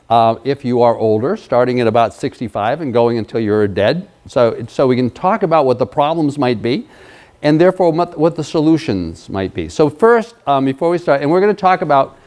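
A man's voice: mid-range voice, a little mellow. A man who works as an elder law attorney, giving a seminar talk and explaining legal ideas with dry self-deprecating jokes. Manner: conversational, with restarts and fillers. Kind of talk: public seminar presentation.

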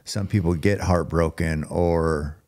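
A man hosting a podcast, talking in a calm, reflective way in a casual interview. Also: low-pitched, slow pace. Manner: calm, reflective, gives short backchannel replies. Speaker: podcast host.

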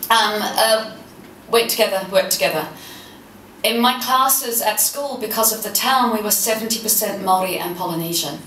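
A woman's voice: medium pitch, a bit bright. A woman in her fifties who grew up in New Zealand, giving a humorous, passionate conference talk. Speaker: keynote speaker. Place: conference hall. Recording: echoey hall, mic at a distance, faint noise.

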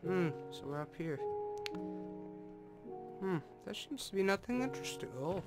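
Chatty man over loud music. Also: high-pitched, animated, moderate pace, pauses often. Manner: rambling, chatty, full of hmms and asides. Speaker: let's play host. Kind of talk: casual gameplay commentary. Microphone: desktop microphone. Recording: music playing loudly in the room.

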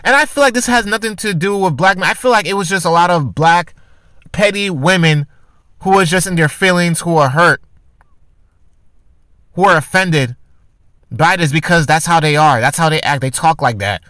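A man's voice: a little high, moderate pace, pauses often, fairly bright tone, dry recording. A man giving casual opinion commentary for his channel, arguing his point with rhetorical questions and frequent restarts. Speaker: commentary vlogger.

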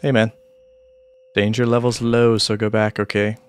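A low-voiced joking streamer. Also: male voice, level tone, moderate pace, slight background noise. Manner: joking, rambling, mock-indignant. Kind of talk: casual gameplay commentary.

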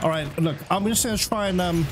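A man's voice: sits high, fast talker, heavy background noise. A man giving live gameplay commentary as a channel host, often exclaiming and swearing in frustration. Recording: loud game music behind. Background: loud game music.

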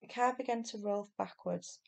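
A woman teacher reading a children's novel aloud in steady, clear storytelling. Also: mid-range voice, normal speed.

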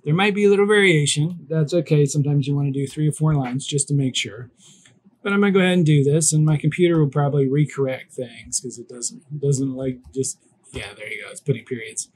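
A man's voice: on the high side, brisk, breathy edge. A man teaching a recorded online class, talking casually and thinking aloud as he works through an example step by step.

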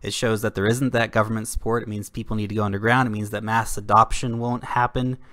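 A man's voice: fairly low pitch, little pitch movement, fast talker, sharp tone, no room sound, clean studio sound. A young adult man hosting a video channel, delivering an indignant, sarcastic rant to camera in blunt, slangy words. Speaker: crypto video host. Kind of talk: ranting commentary to camera.

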